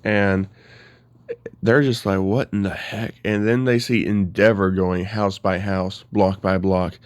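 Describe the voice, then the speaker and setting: A man retells a story in a casual, rambling way, full of fillers. His voice sits low. The recording is close and dry. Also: little pitch movement, slow pace, smooth, no echo.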